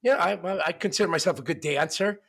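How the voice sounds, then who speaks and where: An eager, gullible young man who says yes to everything, as a man puts him on in a joke. His voice jumps high and sounds excited. It reads plainly as a put-on voice. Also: fast talker, vocal fry.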